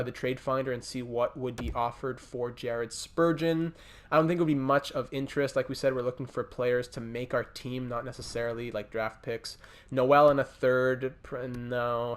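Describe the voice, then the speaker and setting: A young man giving casual, thinking-aloud commentary over a hockey video game as a gaming channel host. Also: medium pitch. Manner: thinks aloud, chatty, restarts and talks to teams. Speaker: gaming YouTuber.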